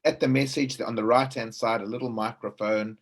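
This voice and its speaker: Husky-voiced man hosting an online session. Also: medium pitch, steady tone, a little fast. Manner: upbeat, enthusiastic interjections. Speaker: webinar host. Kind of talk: casual chat. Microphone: video call.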